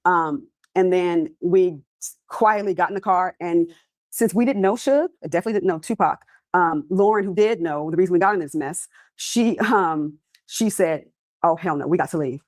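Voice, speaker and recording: A woman's voice: fairly low pitch, normal speed, a little mellow, no echo. A woman in her fifties giving candid, conversational courtroom testimony as a trial witness.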